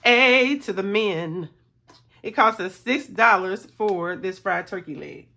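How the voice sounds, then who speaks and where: A woman's voice: mid-range voice, slow, a little hiss or hum. A middle-aged woman, chatting casually to viewers as she works through a savings challenge. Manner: chatty, excitable, talks to viewers as y'all. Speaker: budgeting vlogger.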